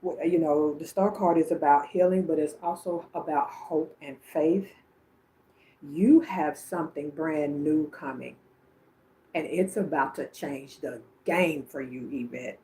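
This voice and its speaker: A woman's voice: low-pitched, unhurried, warm tone, a little hiss or hum. A woman reading messages for viewers on a livestream, chatting and calling them by name. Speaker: psychic medium on a livestream.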